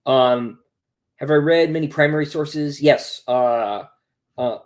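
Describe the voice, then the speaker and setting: A man's voice: fairly high pitch, slow. A young man, an author, chatting casually on a livestream, reading out viewer questions and answering with lots of ums and restarts. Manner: rambling, many ums and restarts, reads questions aloud.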